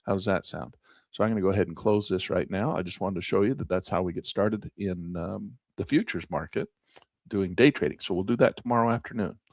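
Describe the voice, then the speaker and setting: A man's voice: deep voice, brisk, creaky, no echo, studio quality. A man teaching a screen-share trading lesson in a folksy, chatty way, often repeating himself. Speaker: trading instructor.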